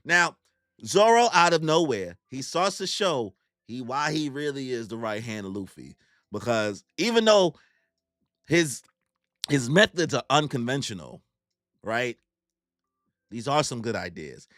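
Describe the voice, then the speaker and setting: A man's voice: medium pitch, big pitch swings, unhurried, pauses often, fairly bright tone, dry recording, studio quality. A man giving live manga reaction commentary in a casual, slangy way with swearing.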